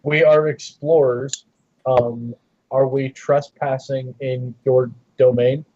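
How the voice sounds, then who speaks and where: Male player, hesitant in-character talk, mellow dark tone, muffled sound. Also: mid-range voice, flat delivery, slow. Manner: hesitant, stumbling. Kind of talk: casual game table banter. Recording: dull lo-fi audio.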